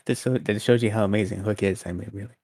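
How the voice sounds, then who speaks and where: A man co-hosting a wrestling podcast, quick and sarcastic in casual chat. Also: on the low side, steady tone, a little mellow, dry recording, clean studio sound. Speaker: podcast co-host.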